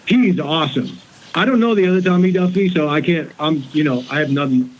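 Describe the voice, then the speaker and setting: A man's voice: fairly high pitch, a little fast, poor audio. A man telling a story on a casual podcast, cursing freely and acting out what other people said. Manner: profane, animated, acts out other people's lines. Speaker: call-in guest.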